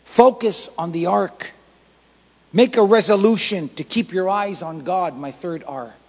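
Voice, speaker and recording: Man, pastor, sermon, high voice, emphatic and repetitive, long church-hall reverb. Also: measured pace. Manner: emphatic, repetitive preaching that builds to shouts.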